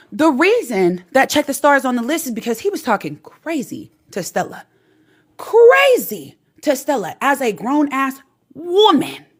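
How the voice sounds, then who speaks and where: A woman vlogger delivering an opinion callout rant in a sassy, profane, animated way. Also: high voice.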